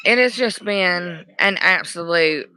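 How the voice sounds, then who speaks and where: Hoarse streamer rambling slow on a live chat, bright smooth voice. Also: mid-range voice, rough recording. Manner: slow, rambling, apologetic talk. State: hoarse, worn-out voice. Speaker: livestreamer. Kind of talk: casual livestream chat.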